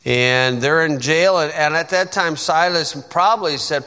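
A man teaches from the Bible like a down-to-earth pastor, slow and deliberate, dropping folksy joking asides. His voice has a bright edge. The sound rings in a long hall reverb. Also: on the high side, smooth.

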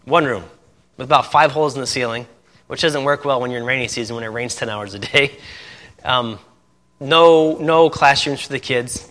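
Indiana pastor guy telling funny mission stories, laughs a lot, bright voice, big hall reverb. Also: medium pitch, moderate pace. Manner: laughing often at his own stories. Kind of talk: sermon storytelling. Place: church. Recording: long reverb of a church hall.

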